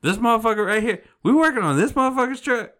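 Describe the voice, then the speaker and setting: A man's voice: extremely high pitch, animated, fast talker, bright, forceful tone. A man co-hosting a podcast in casual, crude banter, teasing his friend and swearing. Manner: teasing, profane, calls friend fool. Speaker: podcast co-host.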